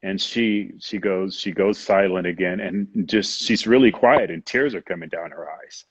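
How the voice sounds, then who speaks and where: A man's voice: low-pitched, moderate pace, hardly any pauses, slightly rough, no echo, muffled recording. A man as an interview guest, telling a personal story with candid emotion, often saying "you know" and acting out what others said.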